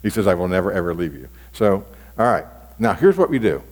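A pastor with a low-sitting, darkish voice teaches on devotional reading, speaking fairly quickly with big pitch swings. His sermon style is conversational, often restarting and repeating phrases, and a large hall adds long reverb.

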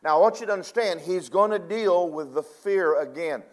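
A man preaching a sermon, retelling scripture in casual paraphrase, with emphatic loud bursts and quiet, drawn-out asides. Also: sits high, expressive.

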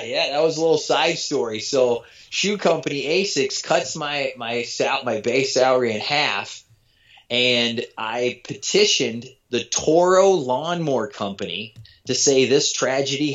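Profane, animated man telling a story. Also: mid-range voice, measured pace, dull audio. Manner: animated, profane, acts out quotes. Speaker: former elite runner, guest. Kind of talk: casual storytelling.

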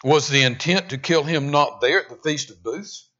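A man preaching a sermon, swinging between loud, emphatic lines and hushed, intense ones. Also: a little high, moderate pace, muffled recording. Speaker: pastor.

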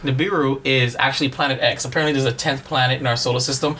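A man's voice: mid-range voice, steady tone, quick pace, sharp tone, slight background noise. A man co-hosting a podcast in casual chat, teasing his co-host and rambling through explanations.

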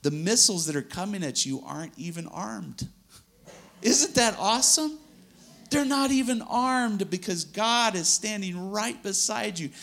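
Earnest gravelly-voiced male preacher. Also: high voice, measured pace, a bit bright. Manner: earnest and conversational, laughs between points. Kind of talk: sermon.

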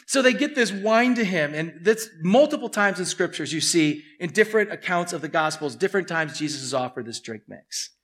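A man preaching a sermon, animated and acting out scenes. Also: sits high, brisk, few pauses. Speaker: pastor.

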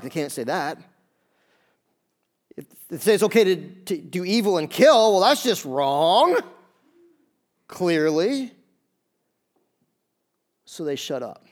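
Man, pastor, high voice, animated sermon, rhetorical questions. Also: normal speed, long pauses. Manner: conversational and animated, asks the congregation questions. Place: church.

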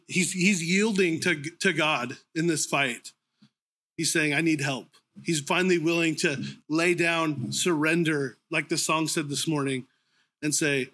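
A man giving a sermon in an informal, conversational way, with frequent ums, restarts and the odd throat-clearing. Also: a little high, bright, forceful tone. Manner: clears his throat now and then. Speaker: preacher.

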